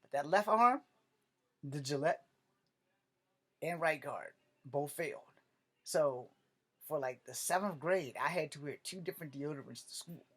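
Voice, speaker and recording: Animated, cursing man telling comic stories. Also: a little high, a little slow, pauses often. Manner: animated, profane, joking. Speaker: vlogger. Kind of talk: comedic storytelling rant.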